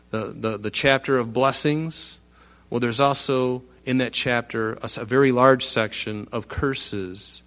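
Male pastor, mid pitch, earnest sermon delivery, stresses key words when reading scripture. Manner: earnest, emphatic, reads scripture aloud with rising force. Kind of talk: sermon, Bible teaching.

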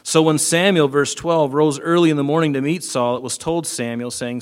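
A man's voice: a little high, steady tone, normal speed, few pauses, smooth. Man, pastor, casual storytelling sermon with asides, shifting volume.

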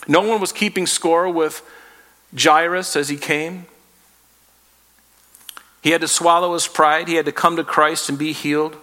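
A man preaching a sermon, retelling Bible stories in lively, casual speech and briefly acting out the characters. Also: on the high side, a little slow, long pauses. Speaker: pastor.

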